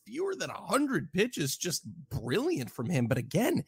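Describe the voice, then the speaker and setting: A man hosting a casual podcast, lively and animated, acting out both sides of imagined conversations. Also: high voice, a little slow, husky. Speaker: podcast host. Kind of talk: casual podcast chat about pitching stats.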